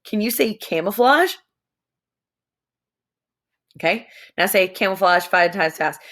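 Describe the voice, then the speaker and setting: A young adult woman teaching a lesson to young students, playful and animated, stretching words out. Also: medium pitch, a little slow, long pauses.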